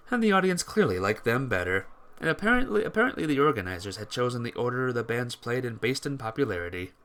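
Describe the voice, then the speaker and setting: Reading a visual novel aloud for a let's play, a man with a mid-range voice gives a lively performance, now and then stumbling and starting lines over.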